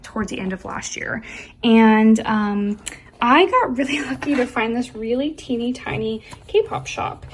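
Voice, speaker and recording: A woman's voice: a little high, slight background noise. A young woman giving a casual room tour of her collection at home, bubbly and gushing, laughing often. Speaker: vlogger showing her collection.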